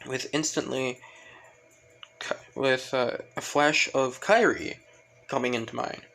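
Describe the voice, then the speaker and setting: A man's voice: mid-range voice, takes it slowly, creaky, fairly bright tone, rough recording. A man casually retelling a fan fiction story, rambling and repeating fillers. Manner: rambling, fills with "pretty much".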